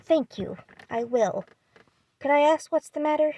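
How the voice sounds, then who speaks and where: A woman's voice: high voice, expressive, mellow, a little hiss or hum, pitched above the performer's own voice, poor audio. A woman reading an audiobook, voicing a spirited young woman who talks frankly and coaxes. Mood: brisk. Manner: brisk, direct.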